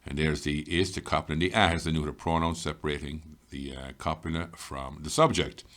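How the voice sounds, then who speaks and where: Male teacher, extremely deep voice, patient step-by-step grammar explanations, slows down to read examples. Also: steady tone, fairly bright tone. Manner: explains patiently, reads example sentences slowly. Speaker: Irish language teacher. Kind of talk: classroom grammar lesson.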